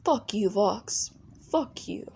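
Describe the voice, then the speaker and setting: A woman's voice: medium pitch, lively intonation, takes it slowly, gravelly, mellow, husky, heavily acted. A woman voicing a flamboyant, dramatic male demon in a fan audio role-play, whiny, theatrical and crude. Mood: spiteful.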